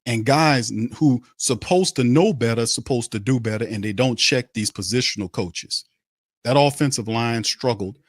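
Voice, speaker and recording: On his sports podcast, a man goes on a heated, repetitive rant against his own team, angrily ridiculing the players. He speaks in a mid-range voice at a moderate pace, and the studio-quality audio has no echo.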